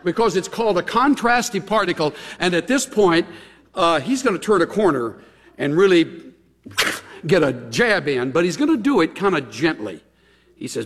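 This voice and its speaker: Husky middle-aged preacher with lively pitch. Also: male voice, moderate pace. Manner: animated, chatty, folksy asides. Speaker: pastor. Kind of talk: conversational sermon. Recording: long hall reverb.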